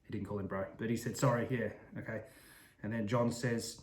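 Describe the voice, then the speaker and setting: A man's voice: fairly low pitch, steady tone, moderate pace, slight background noise. A man telling an improvised story in a casual, rambling way, full of restarts and asides. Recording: roomy echo.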